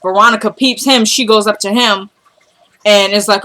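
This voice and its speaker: A woman's voice: mid-range voice, steady tone, a little fast, bright, forceful tone. A woman casually recapping a TV episode, acting out the characters' lines as she retells each scene. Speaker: TV show recap vlogger.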